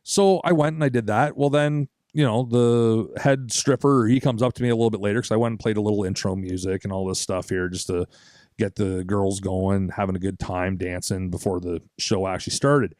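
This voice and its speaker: A young man co-hosts a podcast, spinning a long, casual, profane story and acting out other people's lines. His voice is on the low side, a little mellow and brisk, with fairly even intonation. The recording is dry, with clean studio sound.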